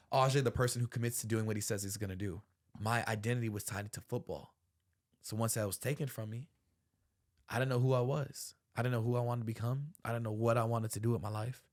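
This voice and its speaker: A young man hosting a podcast, telling a personal story earnestly, full of slang like bro and man. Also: lowish voice. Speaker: podcast host.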